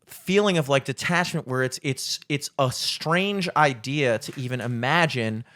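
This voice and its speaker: A young adult man co-hosting a podcast, chatting casually, rambling and swearing often. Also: a little slow. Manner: rambling, swears freely, animated swings in pitch. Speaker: podcast co-host. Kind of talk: casual chat.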